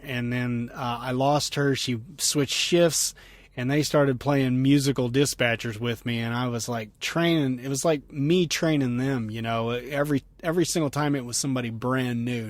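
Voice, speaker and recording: A male truck driver hosts his own podcast and talks through listener letters in a loose, chatty way. He chuckles often and fills his sentences with "you know." His voice sits at an ordinary middle pitch, and the sound is close and dry, with no room around it. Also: no room sound. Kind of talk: casual podcast chat answering listener mail.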